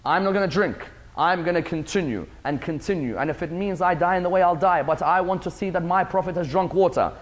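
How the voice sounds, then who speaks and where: Humble, devoted desert companion as a male lecturer quotes him: earnest, low and soft-spoken. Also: a little fast, hardly any pauses, close to an everyday voice.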